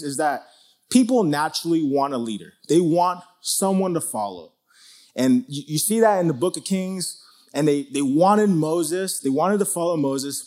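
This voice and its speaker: A man teaching through a Bible passage in a relaxed, conversational way, with lots of "like" and "you know". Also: sits high. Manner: conversational, full of "like" and "you know", acts out quotes.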